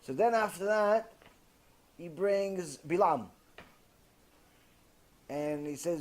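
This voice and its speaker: A man's voice: high-pitched, slow, long pauses. A man preaching as a rabbi, retelling a story with passion and frequent fillers. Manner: impassioned, many fillers. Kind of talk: sermon storytelling.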